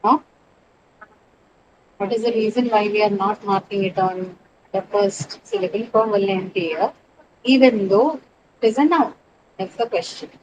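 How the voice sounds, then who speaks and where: A woman's voice: mid-range voice, measured pace, pauses often, noisy background. A woman teaching an English class, explaining word stress step by step, spelling out letters and asking her students questions.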